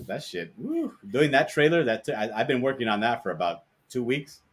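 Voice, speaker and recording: Male podcast host, mid-pitched, rambling and animated storyteller. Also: a little fast, husky. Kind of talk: casual chat.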